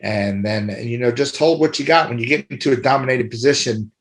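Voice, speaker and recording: Rambling, warm-hearted middle-aged man. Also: mid-range voice, brisk. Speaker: podcast guest, arm wrestler. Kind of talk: casual podcast conversation.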